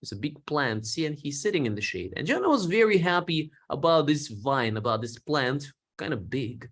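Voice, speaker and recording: Man telling a Bible story, slow and clear. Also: fairly high pitch, big pitch swings, a bit bright. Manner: explains words simply, slows down for learners; acts out quoted lines with feeling.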